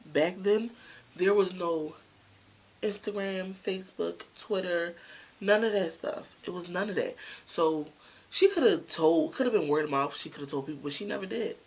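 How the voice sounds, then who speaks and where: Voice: medium pitch, moderate pace, slightly rough, poor audio. A vlogger telling a story in a casual, chatty way, speaking straight to the viewers.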